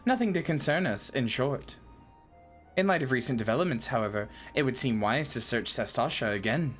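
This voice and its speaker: A woman voicing a stiff, formal male naval commodore, reading game dialogue in a stately, measured way. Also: a bass voice, lively intonation, faint music behind.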